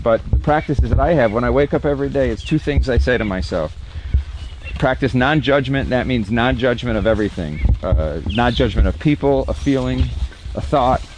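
A man speaking as the guest artist in a reflective interview, earnest and growing animated when he makes a point. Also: mid-range voice, moderate pace, background noise.

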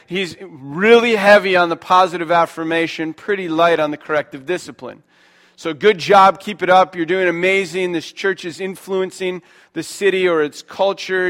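A man in his thirties preaching a sermon, talking casually with fillers and reading scripture more quietly. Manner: conversational, animated preaching with fillers like "like" and "right?"; reads scripture aloud in a lower, quieter voice. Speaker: pastor.

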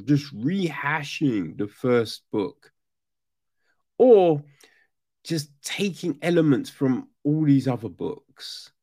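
A man rants through a casual book review, cursing freely and sounding fed up. His pitch leaps all over the place while he talks at a slow, drawn-out pace. It is mid-pitched and loose. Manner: animated, swearing, exasperated.

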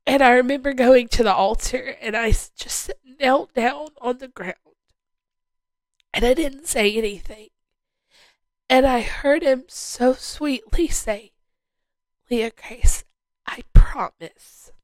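A woman's voice: sits high, measured pace, dry recording, rough recording. A woman hosting a podcast, sharing a heartfelt personal faith testimony in an earnest way and repeating phrases for emphasis. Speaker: podcast host.

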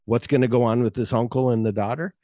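A male podcast host talking casually at an ordinary middle pitch. He rambles through a story with lots of fillers and acts out quotes in an animated way, in a dry, close recording. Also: fast talker, dry recording. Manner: rambling, animated plot retelling with acted-out quotes.

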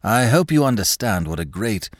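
A man's voice: on the low side, very animated, moderate pace, no echo, studio quality. A man voicing a pompous, absent-minded older scholar who swings between grandeur and irritation. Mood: grandiose. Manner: grandiose then irritable and dazed.

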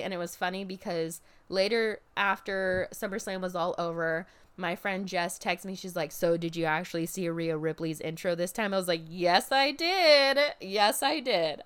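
A young woman in casual chat, recapping a wrestling event. She talks in a lively way and jumps into high mocking voices when she quotes people. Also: clear, resonant tone.

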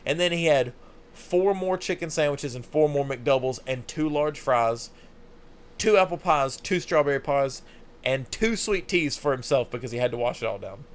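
A man's voice: medium pitch, expressive, moderate pace, smooth. A young man casually telling a funny, profane story on a podcast, laughing often. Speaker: podcast host.

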